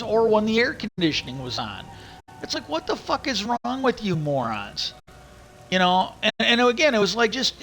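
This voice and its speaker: Guy with a high bright voice ranting and swearing on a stream, keeps restarting, rain faintly behind. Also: a little hiss or hum, rough recording. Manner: angry, profane, rambling with many restarts. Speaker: livestream host. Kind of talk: casual ranting monologue.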